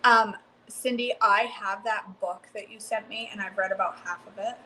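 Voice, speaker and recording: A woman hosting a live cooking stream from her home kitchen, chatting excitedly and answering viewers by name. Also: medium pitch, moderate pace, a little hiss or hum, poor audio. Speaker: cooking livestream host. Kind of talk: casual live cooking chat, reading comments.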